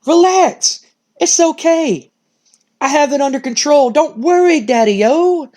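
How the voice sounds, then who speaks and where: A man voicing an upbeat, laid-back male wrestler who talks in a relaxed, hip, cheerful way. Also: very high-pitched, takes it slowly, pitched above the performer's own voice, full character voice. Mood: soothing.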